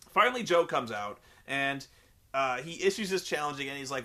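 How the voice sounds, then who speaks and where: A man's voice: mid-range voice, big pitch swings, moderate pace, sharp tone. A young man recapping a wrestling show in a sarcastic, profane, rambling comedic commentary.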